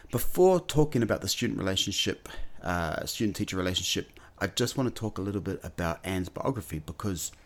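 Man, low deep voice, earnest podcast host, storytelling monologue. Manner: earnest, storytelling, occasional filler words.

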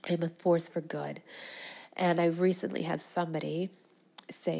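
A middle-aged woman hosting a solo podcast, speaking earnestly and sinking into a soft breathy hush as she repeats affirmations. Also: low voice, flat delivery, moderate pace. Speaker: podcast host. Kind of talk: reflective solo podcast talk.

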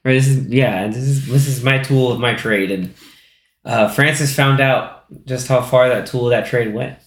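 Man, podcast co-host, casual film talk, animated, echoey room. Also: mid-range voice, moderate pace. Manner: animated, acts out lines from scenes. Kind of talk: casual movie discussion.

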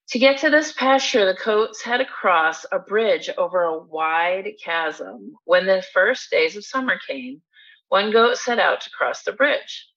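A woman's voice: on the low side, a bit bright. A woman reading a satirical fable aloud in a dry, mock-formal storytelling manner. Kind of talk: scripted storybook narration. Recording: dull lo-fi recording.

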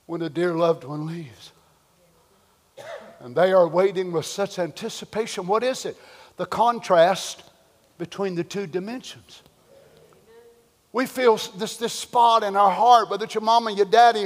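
A man preaching a sermon, moving from hushed whispers to shouted cries as he acts out the voices he quotes. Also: sits high, long reverb tail. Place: church.

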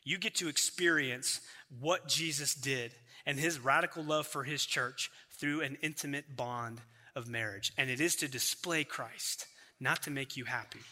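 A man preaching a sermon as pastor, emphatic and building to loud repeated phrases. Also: medium pitch, a little slow, big-room sound.

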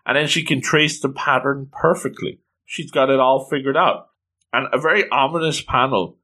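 A man giving casual, excitable commentary as he reads through a comic, with playful exclamations. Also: mid-range voice, moderate pace. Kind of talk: casual read-along commentary.

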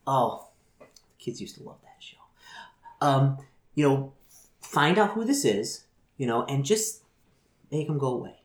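A man's voice: mid-range voice, big pitch swings, measured pace, pauses often. A man voicing a foul-mouthed, scheming woman city official, stammering and repeating words in a roomy, echoey recording. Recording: roomy echo.

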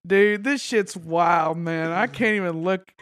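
A man's voice: high voice, unhurried, fairly bright tone, smooth, voice pushed down. A man improvising a dazed young male reporter who drawls and keeps saying dude. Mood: stunned. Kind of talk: improv comedy.

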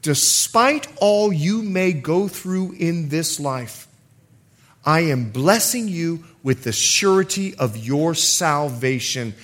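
Animated high-voiced male pastor. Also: slow pace. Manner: animated storytelling with humor. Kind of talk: sermon. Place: church service.

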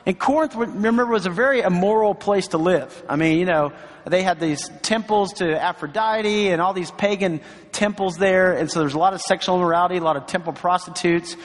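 A middle-aged pastor delivers a sermon to his church in a voice pitched high for a man, speaking a little fast. He tells stories earnestly and encouragingly, sprinkling in asides like "right?" and "you know," while the large sanctuary adds a long reverb.

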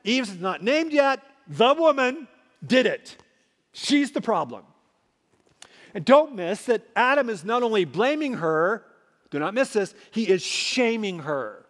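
A man preaching a sermon as a pastor, emphatic, swinging between loud and hushed. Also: high-pitched, big pitch swings, a little slow. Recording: long hall reverb.

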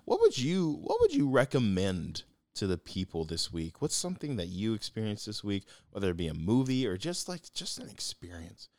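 A young man co-hosting a casual podcast, an excitable storyteller who acts out voices in his anecdotes. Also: fairly low pitch, normal speed, few pauses, no room sound. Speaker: podcast co-host. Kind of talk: casual chat.

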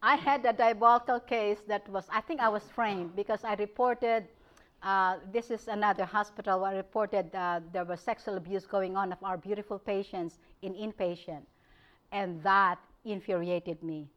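A woman giving a public lecture, telling stories from her practice in an animated way, often breaking into laughter. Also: medium pitch, moderate pace, highs cut off. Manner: animated storytelling, frequent laughter. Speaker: guest speaker. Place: lecture hall.

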